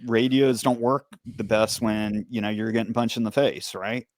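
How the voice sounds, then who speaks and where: A man's voice: lowish voice, fairly even intonation, moderate pace, a little mellow, no echo, studio quality. An American man, a former police officer, hosting a podcast and steadily guiding the interview with questions and his own account. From United States. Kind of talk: interview conversation.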